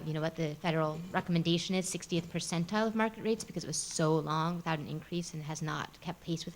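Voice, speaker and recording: Low-voiced woman briefing a panel. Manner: measured, explanatory with frequent fillers. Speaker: policy advocate panelist. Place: college event room.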